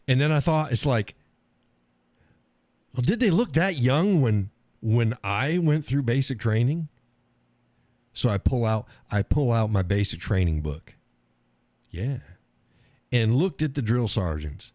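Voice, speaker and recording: A man's voice: mid-range voice, lively intonation, a little slow, pauses often, darkish tone, dry recording. A middle-aged man hosting a live stream, talking casually in a blunt, profane way and laughing often. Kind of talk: casual opinionated monologue.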